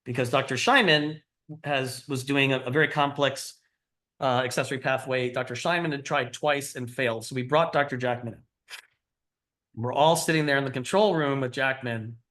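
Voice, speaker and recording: A man's voice: medium pitch, pushed and bright. A middle-aged man giving a conversational teaching lecture, explaining and quizzing his audience. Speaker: cardiology lecturer.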